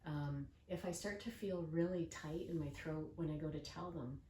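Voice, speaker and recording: A woman's voice: sits low, steady tone, normal speed, mellow. Older woman host, earnest storyteller, echoey distant recording. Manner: earnest, storytelling, acts out quoted voices. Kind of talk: casual interview chat. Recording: echoey room from far off with faint noise.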